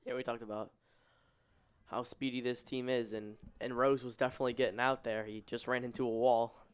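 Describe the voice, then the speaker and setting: Male color analyst, level monotone delivery, smooth voice, casual explanations between pitches. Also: fairly quick. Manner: conversational, adds background and analysis. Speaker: color commentator. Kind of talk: live baseball color commentary.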